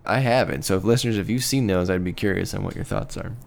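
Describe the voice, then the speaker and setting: A man's voice: low-pitched, fast talker, vocal fry, a little mellow. A man co-hosting a casual podcast chat, talking in a thoughtful, hedging way. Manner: thoughtful, hedging, apologetic about pronouncing names. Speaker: podcast co-host.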